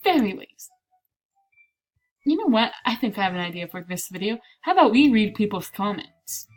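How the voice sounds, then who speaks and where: A woman's voice: mid-range voice, very animated, moderate pace. A slightly sick woman chatting playfully through a casual gameplay commentary, slipping into whispered asides. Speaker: gameplay video creator.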